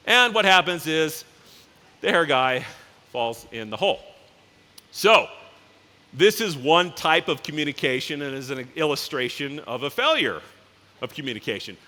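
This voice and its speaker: In a big, reverberant conference hall, a man who runs a company gives an informal keynote built on anecdotes. He voices his story characters quickly, and his own voice is on the high side, animated, pushed and bright.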